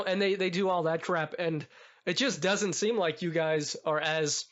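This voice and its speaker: High-voiced man rambling as a podcast guest. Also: steady tone, moderate pace, a bit bright. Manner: rambling, laughs often. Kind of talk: casual chat. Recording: dull lo-fi podcast audio.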